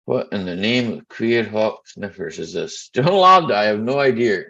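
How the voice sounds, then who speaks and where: A middle-aged mechanic hosts a rambling, joking livestream chat, greeting viewers by name. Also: male voice, lowish voice, normal speed, vocal fry, breathy edge. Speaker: mechanic hosting a live chat stream. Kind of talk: casual livestream chat reading viewer comments. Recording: dull lo-fi stream audio.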